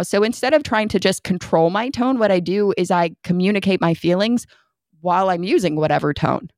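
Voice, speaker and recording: A woman's voice: mid-range voice, fairly quick, darkish tone, no echo, clean studio sound. A woman in her thirties co-hosting a parenting podcast, explaining at length in a casual, earnest chat.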